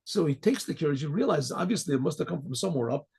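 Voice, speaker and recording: A man, a rabbi, telling a folk story in a rambling way, often clearing his throat and restarting. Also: a little high, animated, racing, a little mellow. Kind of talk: oral storytelling.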